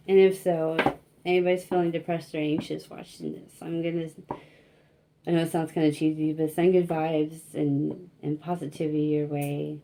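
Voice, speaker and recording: A woman's voice: lowish voice, warm tone, a little hiss or hum. A young woman giving a casual tarot reading, rambling and self-conscious, laughing often and filling her talk with likes and you-knows. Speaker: tarot reader.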